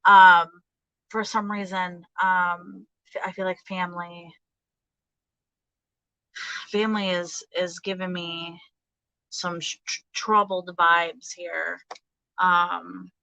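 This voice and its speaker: A woman in her thirties giving a casual tarot reading, halting and hesitant, with many fillers and restarts. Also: lowish voice, level tone, gravelly, sharp tone, dry recording, rough recording. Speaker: tarot reader.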